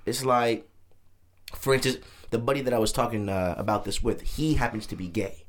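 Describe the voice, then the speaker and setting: A man hosting a podcast in casual chat, animated and profane as he talks over a fight on screen. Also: mid-range voice, normal speed. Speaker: podcast host.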